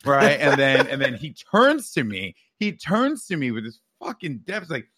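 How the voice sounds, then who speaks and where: A man from New York telling a childhood story on a podcast, animated and profane, tossing in "right?" as he goes. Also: mid-range voice, normal speed, breathy edge, no room sound, studio quality. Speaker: podcast co-host. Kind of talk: casual storytelling chat.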